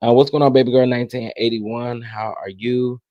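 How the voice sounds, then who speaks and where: A man's voice: medium pitch, little pitch movement, no room sound, highs cut off. Irritated man hosting a live stream. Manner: drawn-out greetings to chat viewers; irritated, halting restarts. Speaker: livestream host. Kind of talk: casual livestream commentary.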